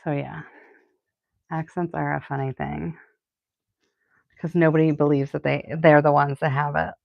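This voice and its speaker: A woman's voice: low voice, little pitch movement, a little slow, creaky, dry recording, dull audio. A middle-aged woman with a Boston accent, chatting casually and rambling with lots of fillers while she hosts a live crafting stream. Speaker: florist hosting a live stream.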